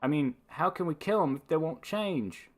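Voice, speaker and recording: A man voicing a nosy, chatty young female servant in a game, with a put-on British accent and a high, exaggerated lilt. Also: lively intonation, moderate pace, faint music behind, natural voice. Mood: gossipy. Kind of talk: reading game dialogue aloud.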